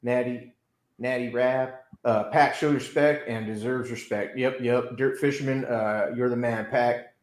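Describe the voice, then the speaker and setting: A man's voice: medium pitch, unhurried. Man ranting casually in a roomy echo. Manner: profane, animated storytelling with put-on voices. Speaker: co-host. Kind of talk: casual livestream chat.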